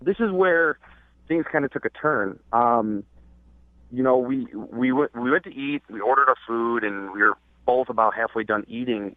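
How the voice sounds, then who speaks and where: Calling a radio show over the phone, a man with a medium-pitched voice relates his story haltingly, with lots of fillers and false starts. The phone-line audio is dry.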